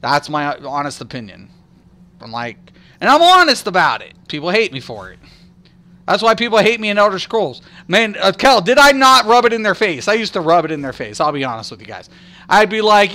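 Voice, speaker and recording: On a game stream, a man talks loosely at a normal speed, his voice sitting high, very animated and sharp. He wanders from topic to topic, curses, laughs often, and mimics the people in his anecdotes.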